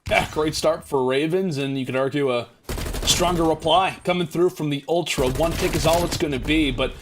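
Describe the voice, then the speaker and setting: A man's voice: a little high, normal speed, noisy background. A man casting an esports match, talking through the action in a chatty way with many fillers. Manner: chatty, filler-heavy analysis. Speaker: esports caster. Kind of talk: play-by-play commentary.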